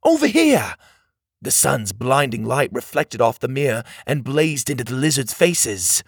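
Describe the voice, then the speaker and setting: A man narrating a children's adventure story in an expressive storytelling manner. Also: mid-range voice, moderate pace, vocal fry, slightly rough, no echo, clean studio sound.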